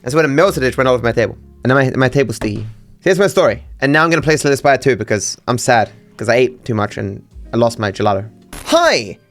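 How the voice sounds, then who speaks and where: A man's voice: medium pitch, animated, racing, faint music behind. A young Australian man, a YouTuber, rambling casually on his own with lots of fillers and restarts.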